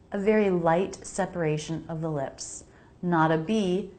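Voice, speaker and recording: A woman's voice: fairly low pitch, normal speed, a little mellow. An American woman giving an English pronunciation lesson, carefully modeling each sound and repeating words for viewers to say along. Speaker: pronunciation teacher. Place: home laundry area.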